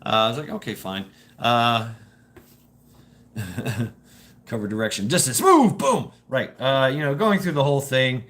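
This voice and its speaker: Man, mid-pitch, bright edgy voice; rambling profane storyteller who stammers and repeats himself. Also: animated, unhurried, long pauses. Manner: stammering, repeats words, profane, laughs often. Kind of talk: rambling casual monologue.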